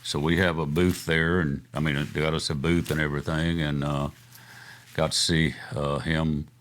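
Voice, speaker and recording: A man's voice: very deep voice, little pitch movement, moderate pace, a bit bright. An older man, telling rambling, chuckling stories as an interview guest, full of fillers. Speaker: guest musician. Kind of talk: casual storytelling interview.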